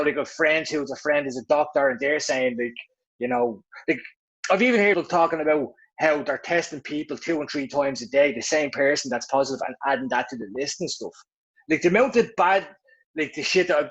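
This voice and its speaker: A man's voice: fairly high pitch, fairly bright tone, breathy edge. An Irish man in his thirties co-hosting a podcast, rambling and chatty in casual talk. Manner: rambling, restarts, laughs at himself. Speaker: podcast co-host. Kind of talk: casual chat. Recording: dull lo-fi sound.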